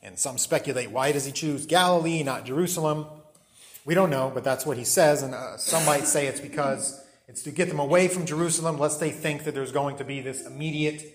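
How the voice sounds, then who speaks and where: A man's voice: a little high, brisk, a little hiss or hum. A man teaching a Bible study class in a conversational way, often checking in with the listeners.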